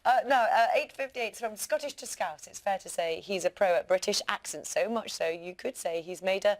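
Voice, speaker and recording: A woman presenting breakfast television, chatty and quick to laugh. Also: mid-range voice.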